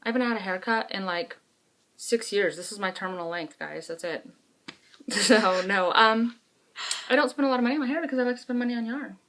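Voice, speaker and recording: A fairly quick, mid-range voice belongs to a woman co-hosting a podcast. She chats casually, telling animated stories in a frank, self-mocking manner.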